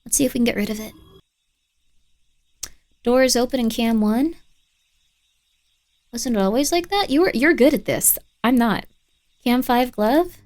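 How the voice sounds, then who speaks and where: A woman with a slightly high voice streams a horror game live and keeps up a playful running commentary. She teases her pet and chats with her viewers between moves. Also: normal speed, pauses often, a little mellow. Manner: chatty and playful, scolds her pet and banters with chat.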